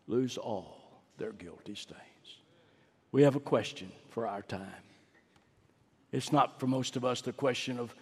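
A man preaching a sermon and leading an altar call, rising to ringing climaxes and dropping to hushed pleading. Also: medium pitch, slightly rough. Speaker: pastor. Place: large church sanctuary. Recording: long hall reverb.

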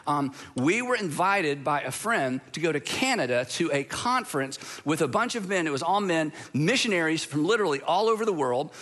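A man's voice: on the high side, expressive, moderate pace, few pauses, a bit bright. A middle-aged man from the southern United States preaching a sermon, earnest and conversational, telling stories with frequent restarts. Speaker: pastor.

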